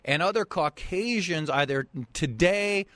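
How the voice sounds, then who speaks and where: High-voiced radio host, dry studio sound. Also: male voice, lively intonation, a bit bright, no echo. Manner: measured, interjecting, halting restarts. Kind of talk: call-in radio debate. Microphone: studio microphone.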